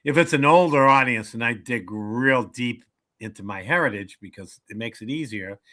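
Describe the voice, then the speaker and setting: A man's voice: medium pitch, normal speed. A man in his seventies, a comedian telling jokes and stories in a casual interview, acting out voices as he goes. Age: 70s. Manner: animated joke-telling, acts out voices. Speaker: comedian guest.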